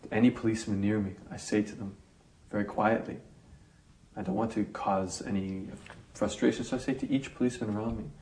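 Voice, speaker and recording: Guy telling his story in an interview, low voice, acts stuff out, roomy echo. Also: a little fast. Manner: animated storyteller, acts out scenes.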